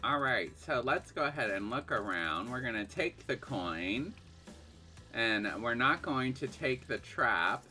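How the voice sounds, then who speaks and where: Animated, bright-voiced woman gaming streamer. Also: extremely low pitch, measured pace, faint music behind. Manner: animated, laughing, shrieking reactions. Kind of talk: let's-play commentary, reading game text aloud.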